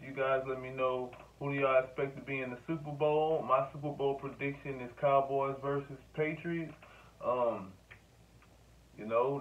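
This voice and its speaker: A man rambles through a profane sports rant, speaking straight to the camera. His voice sits at an ordinary pitch. The sound is thin and phone-like, and he is set back from the mic. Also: distant mic. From Louisiana. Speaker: sports vlogger.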